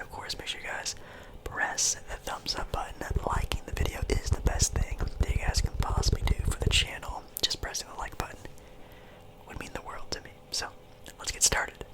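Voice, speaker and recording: A young man whispering a casual ASMR sports ramble as host, chewing gum as he talks. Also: poor audio.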